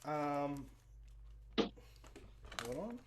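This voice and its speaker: A man's voice: on the high side, sing-song, drawn-out words, heavy background noise. Laid-back man running a tabletop game. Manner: casual, laughs often. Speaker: game master.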